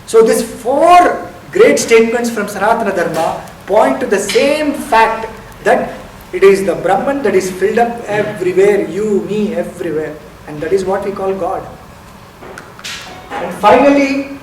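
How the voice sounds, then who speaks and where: A man's voice: high voice, a little mellow. A man giving a spiritual lecture as a meditation teacher, explaining step by step, asking rhetorical questions and stressing key words. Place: lecture hall. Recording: roomy hall, distant mic, faint noise.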